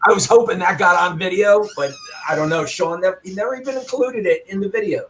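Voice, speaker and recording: A man telling a story with animation and a loud, bellowing voice at times, as a guest on a talk show. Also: high voice, quick pace, a little hiss or hum. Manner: loud, bellowing when acting out his anger. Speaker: arcade owner and guest.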